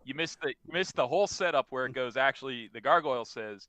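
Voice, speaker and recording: Impatient man, bright lively voice. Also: medium pitch, quick pace, few pauses, no echo. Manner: impatient and profane. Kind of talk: casual chat.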